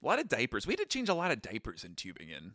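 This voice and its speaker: A man's voice: mid-range voice, wildly swooping pitch, very fast, sharp tone, no room sound, studio quality. A man co-hosting a podcast in casual chat, joking and self-deprecating. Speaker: podcast co-host.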